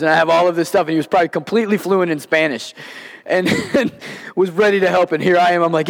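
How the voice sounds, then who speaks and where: A man's voice: fairly high pitch, fast, creaky. A man preaching a sermon as a story, acting out the lines of the people in it with animation. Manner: animated, acts out quoted dialogue. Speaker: pastor. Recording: long reverb of a large hall.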